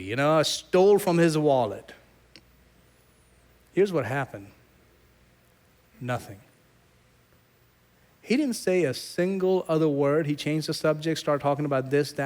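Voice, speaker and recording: Animated middle-aged male preacher. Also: fairly high pitch. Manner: animated storyteller, acts out quoted voices. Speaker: pastor. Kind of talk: sermon.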